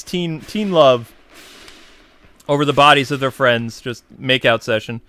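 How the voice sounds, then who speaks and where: A man's voice: mid-range voice, unhurried, bright, forceful tone, clean tone. A man giving a casual, slangy film review that swings from laid-back to exasperated.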